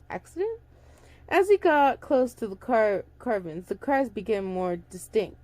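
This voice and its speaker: A woman's voice: mid-range voice, mellow, no echo. A young woman casually reading a story aloud, stumbling and restarting and breaking off for chatty asides. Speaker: audiobook reader. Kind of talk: casual book reading with commentary.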